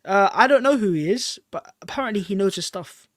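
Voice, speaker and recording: Lively in intonation and pitched high, a man co-hosts a fan podcast about football, quick and chatty as he steers the segment. The recording is dry, with a clean studio sound.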